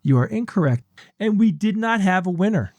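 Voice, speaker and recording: A man hosting a podcast segment in a relaxed casual chat, reading listener emails and laughing often. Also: high voice, fairly quick, dry recording.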